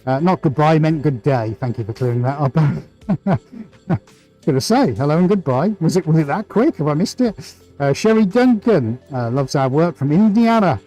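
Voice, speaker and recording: A man's voice: a little high, expressive, moderate pace, mellow, soft background music, poor audio. A man hosting a live painting stream, chatting enthusiastically and playfully as he greets viewers. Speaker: livestream host and painter.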